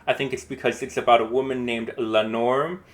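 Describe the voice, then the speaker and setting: A man's voice: mid-range voice, fairly quick. Casual man explaining poetry meter. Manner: relaxed, thinking aloud, with small restarts. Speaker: host explaining a poem. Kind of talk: casual spoken lesson.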